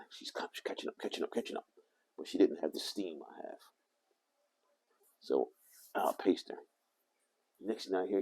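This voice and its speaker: An older man with a deep, gravelly voice tells a meandering story straight to camera. His husky delivery rises and falls in lively swings as he backtracks and corrects himself along the way. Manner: animated, meandering, self-correcting. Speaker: vlogger. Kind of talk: rambling anecdotal storytelling.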